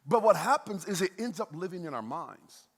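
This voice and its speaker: A man preaches a sermon with a fairly high voice, loose and conversational, joking with his congregation between points. His voice rings out with a long reverb in a large church auditorium. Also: fairly quick, gravelly. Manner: lively, conversational preaching with playful asides to the crowd. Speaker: pastor.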